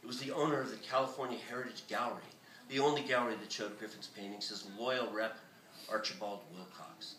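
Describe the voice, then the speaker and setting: A man, the author, reading his novel aloud in a bookstore with a lively, expressive delivery. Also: fairly low pitch, fairly quick, slight background noise. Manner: lively, expressive reading with shouted character lines. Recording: echoey bookstore from far off.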